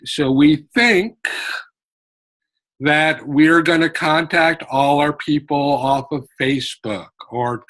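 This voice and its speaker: A man giving a casual, unhurried lesson on book marketing from an office, explaining step by step with frequent fillers. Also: on the high side, fairly bright tone, poor audio. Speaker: writing and marketing instructor. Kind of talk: casual instructional talk to camera.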